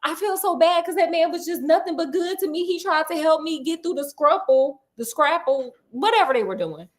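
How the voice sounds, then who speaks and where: A woman's voice: very high voice, expressive, fairly quick, voice pushed up. A woman voicing a sweet young woman who feels sorry and guilty. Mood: remorseful.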